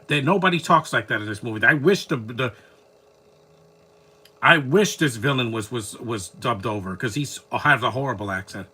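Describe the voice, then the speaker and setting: A man's voice: mid-range voice, lively intonation, moderate pace, sharp tone, slightly rough. A man giving casual, opinionated commentary while watching a film, rambling and restarting his sentences.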